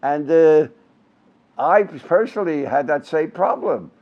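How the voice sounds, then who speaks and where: In a storytelling interview, a veteran Yiddish theater actor in his nineties appears as a guest, speaking slowly in a slightly high voice with a Brooklyn and Yiddish-tinged American accent. He's an animated, rambling storyteller full of fillers and restarts, and the recording sounds muffled.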